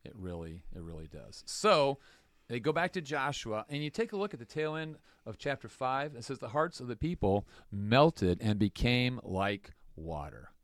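A man's voice: mid-range voice, big pitch swings, moderate pace, no echo, studio quality. A man leading a casual Bible study, retelling the story with jokes and asides to his group.

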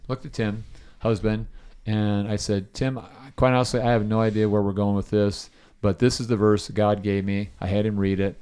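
A man's voice: lowish voice, a little mellow, clear, resonant tone. A middle-aged man leading a casual Bible study, telling a story and asking his listeners questions.

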